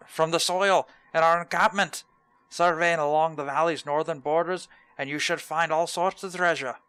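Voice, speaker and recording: A man putting on a gruff Scottish dwarf. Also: pushed and bright, no room sound. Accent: Scottish, put on badly. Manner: brusque, booming quest reading. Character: gruff male dwarf quest-giver.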